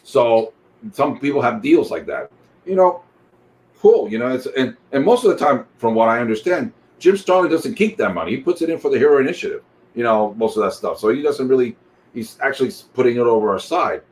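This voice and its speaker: A deep-voiced man with a Spanish accent, a guest artist chatting casually and rambling with jokes. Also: lively intonation, fairly quick, darkish tone. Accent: Spanish-accented English. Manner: rambling, joking, many fillers. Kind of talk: casual video chat.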